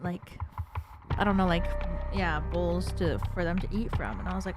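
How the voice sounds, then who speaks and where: A woman's voice: mid-range voice, animated, measured pace, over music. A woman streamer chatting casually with viewers, giggly and rambling with lots of fillers.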